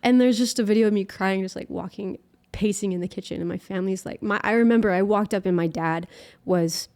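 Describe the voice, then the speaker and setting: A young adult woman, appearing as a guest musician in an interview, tells a personal faith story. She is earnest and emotional, halting often and using many fillers. Her voice is mid-range with a darkish tone.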